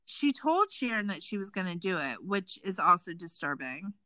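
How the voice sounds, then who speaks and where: At a moderate pace and fairly low pitch, the woman hosting this casual true crime podcast is animated and sarcastic, cursing often. The sound is rough and free of room sound.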